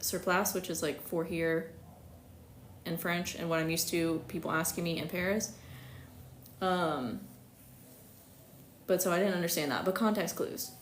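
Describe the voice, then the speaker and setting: A young American woman talks casually to her live-stream audience, giggling and acting out little quotes with sudden high jumps. Her voice sits a bit low. The room is echoey, with a faint hiss behind her. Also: steady tone, moderate pace, long pauses. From United States. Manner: chatty and giggly, many fillers, acts out quotes with big pitch jumps. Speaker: astrologer hosting a live stream.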